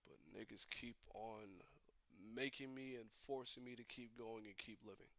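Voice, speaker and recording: A young man in visible emotional distress, ranting alone on a stream in a halting, repetitive, despairing way. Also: medium pitch, fairly even intonation, fairly bright tone, dry recording. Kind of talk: emotional solo rant.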